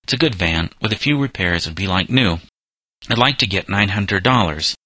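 A man narrating a children's novel aloud in a steady storytelling manner, giving the boys light character voices. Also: low-pitched, moderate pace, no echo. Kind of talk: audiobook reading of a children's novel.

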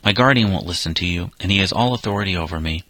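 A sullen seventeen-year-old runaway, bitter and resentful in every protest, as a man reads him in a storybook. The voice sits very low, with a bright, forceful edge, and the recording is close and dry. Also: quick pace, dry recording. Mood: pleading.

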